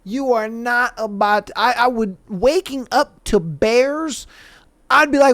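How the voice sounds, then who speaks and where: A man's voice: extremely high pitch, measured pace, fairly bright tone, dry recording, clean studio sound. A man hosting a podcast in a casual, laid-back manner with lots of slang. He reads listener stories aloud and reacts to them. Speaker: podcast host.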